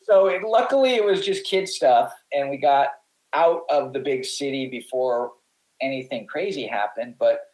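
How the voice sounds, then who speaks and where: A man's voice: medium pitch, normal speed, a little mellow, low-quality recording. A middle-aged man, a guest on a podcast, telling long casual stories with many restarts and acted-out quotes. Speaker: podcast guest, pro surfer. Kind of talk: casual storytelling.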